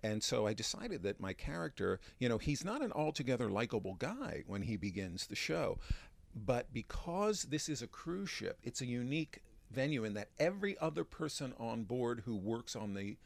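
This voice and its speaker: A man, a magician and stand-up comic, talking in a relaxed interview, restarting sentences as he thinks. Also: mid-range voice, moderate pace, creaky. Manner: chatty, with frequent restarts and fillers. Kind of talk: interview conversation.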